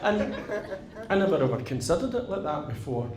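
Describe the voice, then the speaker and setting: Northern Irish male stand-up, middle-aged, cheeky and sweary, slightly high voice, echoey live room. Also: a little fast, a crowd in the background. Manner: animated, swearing, tags lines with "right?". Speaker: stand-up comedian. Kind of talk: stand-up storytelling. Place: theatre stage. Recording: echoey live venue with audience.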